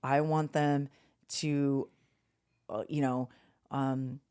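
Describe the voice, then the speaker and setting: Her voice is a smooth, rumbling low, and she talks very slowly. She co-hosts a podcast, chatting casually as an animated storyteller who swears freely and acts out quotes.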